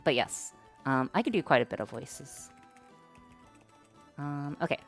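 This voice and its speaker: Woman streamer, very low voice, hesitant, lots of ums, faint music behind. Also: expressive, a little slow, creaky. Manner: hesitant, many fillers, self-conscious. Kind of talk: casual live-stream chat.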